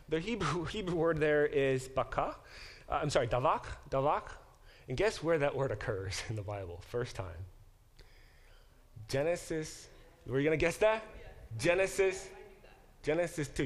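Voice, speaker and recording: Man giving a lively classroom Bible lecture. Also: mid-range voice. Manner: engaged, questions the class directly; corrects himself mid-sentence. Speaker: Bible professor teaching a class.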